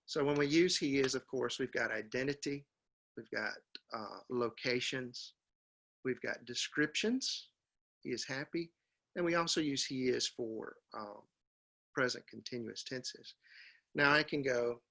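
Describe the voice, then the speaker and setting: A man giving a seminar to teachers, drilling example sentences in a slow, repetitive way. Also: medium pitch, creaky, pushed and bright. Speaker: teacher trainer. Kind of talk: seminar lecture.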